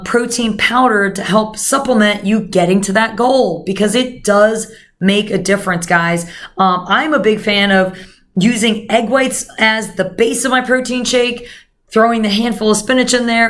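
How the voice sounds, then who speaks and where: A nutrition coach gives a casual instructional lesson in a mid-range, slightly bright voice. Chatty and full of fillers, she speaks directly to her viewers, calling them guys.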